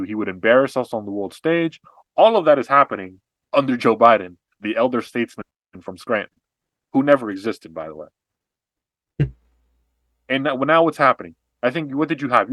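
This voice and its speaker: A man co-hosting a podcast talks through history and politics in a lively, explanatory way. He often restarts his sentences and drops in fillers. His voice sits at a middle pitch and sounds dry and close to the mic. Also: fairly quick, dry recording. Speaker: podcast co-host. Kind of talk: casual political discussion.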